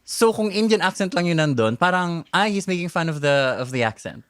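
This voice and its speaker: A man's voice: sits high, animated, brisk, fairly bright tone, clear, resonant tone, dry recording, clean studio sound. A Filipino man, a comedy creator, talking thoughtfully as a podcast guest, mixing English and Filipino. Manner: thoughtful, explains with hesitations. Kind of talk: casual chat.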